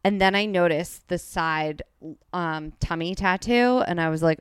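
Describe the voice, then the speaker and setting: A woman's voice: lowish voice, a little slow, clear, resonant tone, no echo, clean studio sound. Giggly, chatty woman podcast host. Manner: chatty, giggly, lots of "like" fillers. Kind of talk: casual chat.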